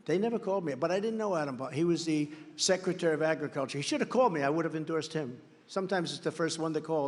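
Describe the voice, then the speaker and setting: Older American candidate, raised pitch, rambling rally boasts, long hall echo. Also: male voice. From United States. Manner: rambling, boastful, bursts of shouting. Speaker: political candidate. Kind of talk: campaign rally speech. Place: large rally venue.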